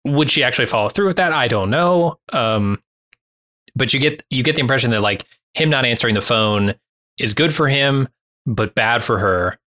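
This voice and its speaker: Bright-toned man giving film opinions. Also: mid-range voice, animated, normal speed. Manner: opinionated, laughs easily. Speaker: podcast co-host. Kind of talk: casual film discussion.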